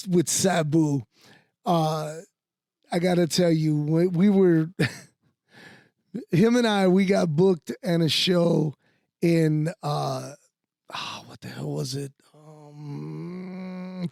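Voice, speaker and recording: A man's voice: fairly high pitch, very slow, gravelly, a little mellow, no room sound, studio quality. A man co-hosting a talk podcast, telling casual stories in a profane, rambling way full of fillers. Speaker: podcast co-host. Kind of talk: casual storytelling.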